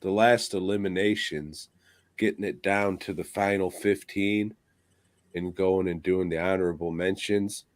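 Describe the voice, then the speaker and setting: A man's voice: low-pitched, steady tone, unhurried, dry recording. A man co-hosting a podcast, ranting crudely and swearing constantly in casual chat. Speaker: podcast co-host.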